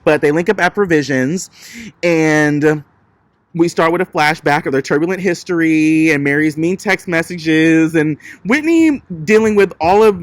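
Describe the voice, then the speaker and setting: In a slightly high voice, a man gives a chatty, sassy recap of a reality TV episode, peppering his gossipy commentary with casual filler words. The recording is dry.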